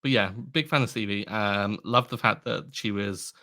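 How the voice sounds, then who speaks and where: Bright-voiced man podcast co-host. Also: on the low side. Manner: relaxed, agreeable, quick to laugh. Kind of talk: casual chat.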